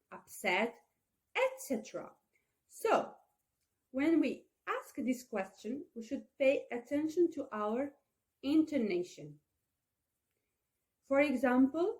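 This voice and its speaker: A young woman whose first language is Arabic teaches an English lesson, speaking slowly and deliberately. Her pitch sits fairly high and swings widely as she stresses each phrase, and she keeps asking "okay?" to check her listeners follow. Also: a little mellow. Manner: slow, deliberate delivery with frequent "okay?" checks.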